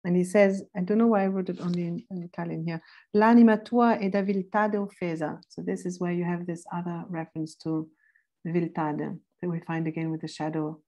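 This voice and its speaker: A woman instructor giving a philosophy seminar lecture, thoughtful and pausing now and then to look up verse numbers. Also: on the low side, little pitch movement, mellow. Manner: reads quoted passages slowly and deliberately.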